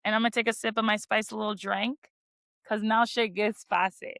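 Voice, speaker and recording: A woman's voice: medium pitch, level tone, moderate pace, fairly bright tone, dry recording. A woman on a book podcast giving a casual, chatty chapter recap, full of "like" fillers and playful teasing. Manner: chatty, heavy use of "like" as filler; playful, teasing about spicy scenes.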